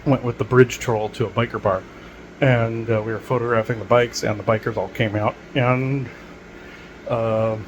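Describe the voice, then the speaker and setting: A man's voice: mid-range voice, steady tone, moderate pace, slight background noise, rough recording. A man hosting a podcast, talking in a loose, digressive monologue with many filler words and restarts. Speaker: podcast host. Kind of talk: rambling casual monologue.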